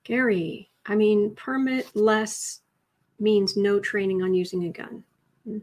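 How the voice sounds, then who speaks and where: A woman giving a casual tarot reading, chatty, breaking off now and then to coo and whisper softly to her cat. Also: mid-range voice, takes it slowly. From United States. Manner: chatty, drops to soft coos and whispers talking to her cat. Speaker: tarot reader.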